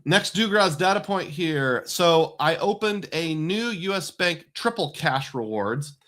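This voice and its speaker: A man's voice: a little high, expressive, measured pace, fairly bright tone. A man hosting a casual livestream about credit cards and bank bonuses, talking in a chatty, rambling way with many asides. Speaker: personal finance host.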